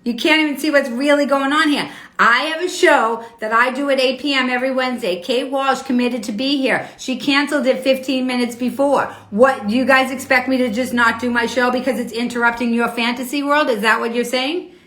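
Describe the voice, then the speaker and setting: A woman's voice: high voice, fairly quick, few pauses, a bit bright. A woman hosting a live online talk show, arguing with her viewers in a confrontational, profane, indignant way. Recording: roomy echo.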